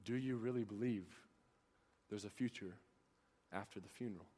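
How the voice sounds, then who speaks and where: A man's voice: on the low side, moderate pace, dark tone, husky. A young man preaching a sermon in a church, earnest and pressing his listeners with rhetorical questions. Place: church hall. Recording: long hall reverb.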